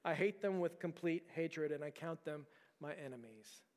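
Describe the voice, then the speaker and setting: A man's voice: fairly high pitch, moderate pace, long reverb tail, slight background noise. A man preaching a sermon as a pastor, telling a story earnestly with frequent repeated words and restarts.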